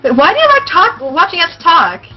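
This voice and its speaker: A woman's voice: extremely high pitch, sing-song, normal speed. A woman chatting on a live-stream podcast, giggly and scattered. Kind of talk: casual group chat on a live stream. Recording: dull lo-fi stream audio with faint music.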